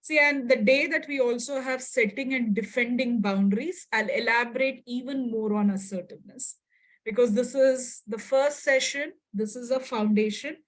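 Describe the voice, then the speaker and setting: High-voiced lively woman lecturer. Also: normal speed, low-quality recording. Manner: expressive, acts out example dialogues, checks in with audience. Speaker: psychologist giving a workshop. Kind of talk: interactive online lecture.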